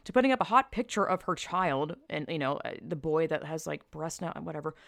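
A woman's voice: low voice, expressive, a little fast, vocal fry, a bit bright, dry recording. A young woman hosting a podcast, talking bluntly and emphatically with frequent swearing and exclamations. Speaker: podcast host. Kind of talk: casual opinionated podcast commentary.

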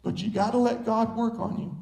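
High-voiced preaching man in an echoey room. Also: fairly even intonation, fairly quick, gravelly. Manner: emphatic preaching that builds to shouts. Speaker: pastor. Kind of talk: sermon.

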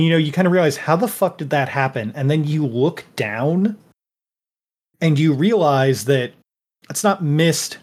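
Laid-back game master narrating. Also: male voice, medium pitch, a little mellow. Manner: rambling, casual, many fillers.

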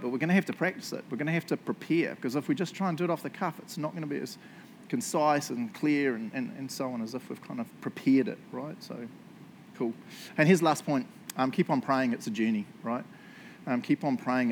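A man's voice: mid-range voice, a little hiss or hum. A man preaching a casual sermon, joking often and asking "right?" after points. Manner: chatty, joking, tag questions. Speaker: pastor.

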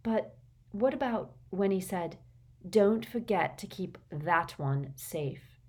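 A woman's voice: mid-range voice, lively intonation, takes it slowly, darkish tone, husky. A woman voicing a stubborn, earnest teenage boy who insists on his point. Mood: insistent. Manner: insistent, frustrated.

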